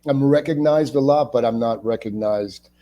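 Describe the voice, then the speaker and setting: An older man in his sixties with a mellow, warm voice, from Ohio. He is a guest in a casual interview and tells animated stories, acting out the lines of the people in them. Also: medium pitch, moderate pace. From Ohio, United States. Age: 60s. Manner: animated storyteller, acts out other people's lines. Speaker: actor, guest.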